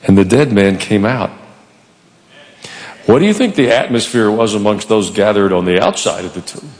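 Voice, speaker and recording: Man, pastor, church sermon, gravelly tone, acts out quoted lines, long reverb. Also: on the low side, normal speed. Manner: animated storytelling, acting out quoted lines.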